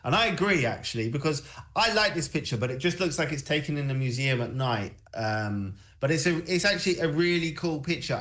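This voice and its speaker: A man's voice: mid-range voice, fairly bright tone. A man hosting a casual music livestream, joking, laughing and chatting loosely with his co-host. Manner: jokey, laughing, self-deprecating. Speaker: radio show host.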